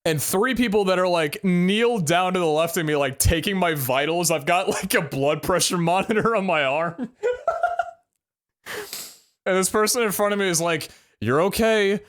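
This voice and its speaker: Animated young man telling a story. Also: high voice, moderate pace. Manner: animated, laughs often, swears casually. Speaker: streamer. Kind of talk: casual storytelling on a live stream.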